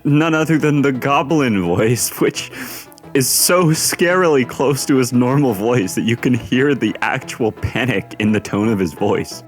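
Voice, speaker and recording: A man doing voice-over commentary on stream clips, halting and stumbling over his words. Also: mid-range voice. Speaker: video commentator. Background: faint background music.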